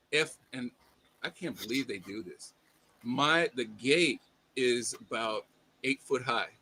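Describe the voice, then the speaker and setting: Man, casual chat, emphatic and salty, bright forward tone. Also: mid-range voice, slow, pauses often, a little hiss or hum. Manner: emphatic, profane complaining.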